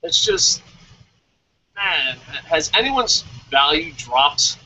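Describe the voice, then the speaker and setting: A man from New Jersey co-hosting a casual wrestling review show, excitable and profane, with mock-formal bits. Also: on the high side, extremely slow. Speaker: podcast co-host. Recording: dull lo-fi audio.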